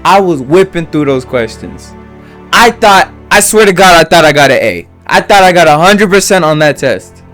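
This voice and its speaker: A young man telling a personal story on his vlog, animated and swearing, bursting into shouts. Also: a little high, moderate pace, faint music behind. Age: young adult. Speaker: vlogger.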